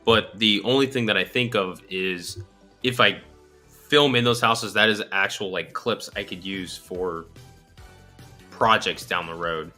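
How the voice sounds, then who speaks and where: A deep-voiced, tired man hosting a relaxed chat, his talk loose and full of fillers. His tone is bright and forward despite the low pitch, and soft music plays faintly behind him. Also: unhurried. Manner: rambling, filler-heavy. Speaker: channel host. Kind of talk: casual podcast chat.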